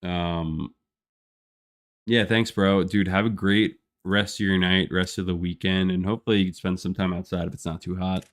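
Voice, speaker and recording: A man's voice: deep voice, level tone, normal speed. A young man chatting casually on a live gameplay stream, rambling with lots of fillers and frequent laughs. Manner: rambling, laid-back, many "like" fillers, laughs often. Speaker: gaming streamer.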